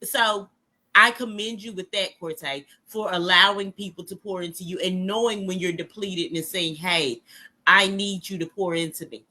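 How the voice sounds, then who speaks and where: A woman's voice: fairly low pitch, normal speed. A woman co-hosting a casual podcast, telling personal stories animatedly and acting out what people said. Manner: animated storytelling, acts out quotes. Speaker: podcast co-host.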